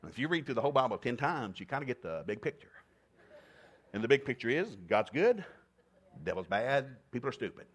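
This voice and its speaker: A man's voice: medium pitch, sing-song, a little fast. Folksy joking preacher man. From East Tennessee, USA. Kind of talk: humorous sermon storytelling.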